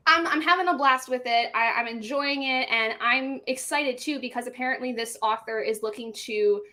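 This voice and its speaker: A woman's voice: fairly high pitch, moderate pace, sharp tone. A woman who narrates audiobooks, chatting casually on a video call, giggling and rambling with plenty of filler words. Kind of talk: casual chat on a group video stream.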